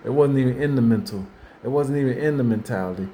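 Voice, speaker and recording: A man hosts a casual talk on faith and everyday life, speaking quickly in a mid-range voice with a dark tone. He rambles, repeats himself, restarts, and acts out what people say, with a little hiss or hum in the background.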